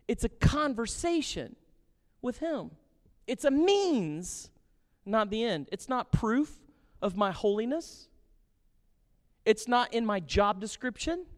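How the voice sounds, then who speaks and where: A pastor preaching a sermon with passion and jokes, animated and lively in his delivery. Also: very high-pitched. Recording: long reverb of a hall.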